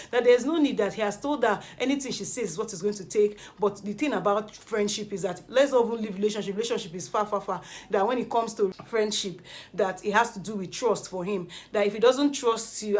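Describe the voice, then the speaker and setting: A woman with a Nigerian accent recapping reality show gossip in a dramatic, animated way, dropping pidgin interjections. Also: medium pitch. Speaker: entertainment gossip vlogger.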